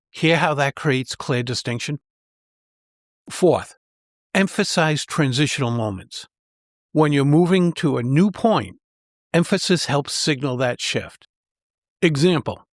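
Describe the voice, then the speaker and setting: Man teaching with deliberate word stress. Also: on the high side, expressive, no echo, studio quality. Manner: clear, measured delivery with deliberate stress on key words. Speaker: public speaking trainer. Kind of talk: scripted podcast lesson.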